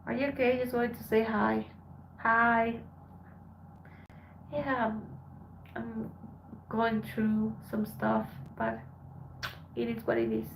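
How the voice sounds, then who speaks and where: A tired woman from Colombia, a Spanish speaker, chatting softly with her live-stream viewers as she reads their messages aloud. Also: fairly high pitch, animated, slow pace, long pauses, a little hiss or hum, rough recording. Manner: soft, subdued, switching between English and Spanish. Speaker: live streamer reading chat. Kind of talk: casual live-stream chat.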